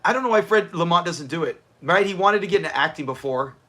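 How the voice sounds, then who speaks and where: A man's voice: on the high side, animated, fast, sharp tone. A man hosting a livestream watch party, chatting casually, answering viewers and laughing often. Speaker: livestream host.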